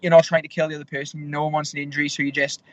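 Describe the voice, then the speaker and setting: A man's voice: a little high, flat delivery, rapid-fire, dry recording, lo-fi sound. A young man in his twenties, a fighter, rambling through stories with lots of fillers and restarts. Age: 20s. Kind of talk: casual interview storytelling.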